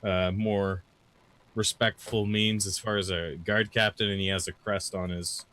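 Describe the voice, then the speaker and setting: A man acting as dungeon master, describing scenes in a loose, halting way with many fillers. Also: on the low side, flat delivery, fairly bright tone, a little hiss or hum. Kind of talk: narrating a tabletop game.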